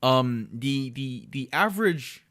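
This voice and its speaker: Animated young man telling a story. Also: medium pitch, slow pace, no echo, studio quality. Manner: animated, many fillers and restarts, acts out quotes. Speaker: podcast co-host. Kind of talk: casual storytelling chat.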